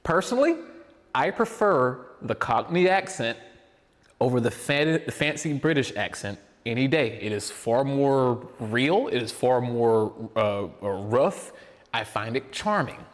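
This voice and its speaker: Man, podcast co-host, rambling excitable talk, mid-pitched voice, long echoing reverb. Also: a little slow. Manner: rambling, tangent-prone, excitable. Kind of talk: casual chat.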